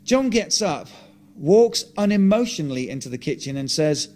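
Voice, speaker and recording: A man reading his own script aloud in a plain, steady way. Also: fairly high pitch, moderate pace. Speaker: narrator.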